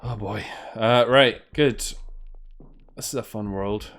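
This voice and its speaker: A British man on stream, voice on the low side and a bit bright, takes things slowly as he plays a game. He swears freely and trades sarcastic banter with his chat in casual gameplay commentary.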